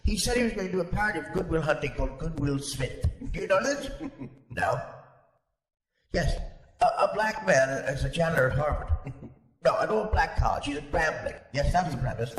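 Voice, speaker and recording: A man's voice: on the high side, sing-song, normal speed. A man doing a snooty gossiping old aunt. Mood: haughty gossip. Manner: prim, gossipy, giggling at her own remarks. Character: snobbish wealthy older aunt, bigoted and fussy. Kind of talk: improvised comedy sketch. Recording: roomy echo.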